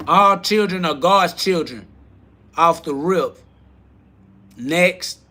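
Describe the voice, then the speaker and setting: Man, high voice, bright and sharp, preachy live podcast monologue, confrontational, repeats slogans. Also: takes it slowly. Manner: answers quoted critics, crude slang; voice cracks up into high shrieks when heated. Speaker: podcast host. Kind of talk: live self-talk religious monologue.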